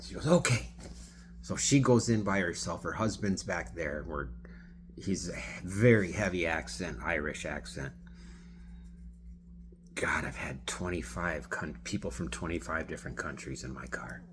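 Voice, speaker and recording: A man who drives for a ride app telling a story in a rambling, casual way, often clearing his throat. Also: deep voice, unhurried, background noise. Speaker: rideshare driver.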